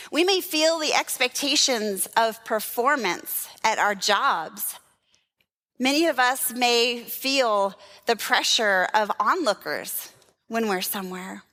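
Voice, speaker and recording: A woman children's pastor preaching at a church service, telling a personal story in a lively way, laughing and acting out what people said. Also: high-pitched.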